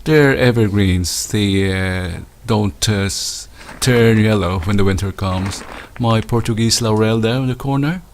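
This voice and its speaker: A man from the Philippines giving a casual walking tour of his winter garden outdoors, unhurried and hesitant, with many fillers and restarts. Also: lowish voice, a little hiss or hum.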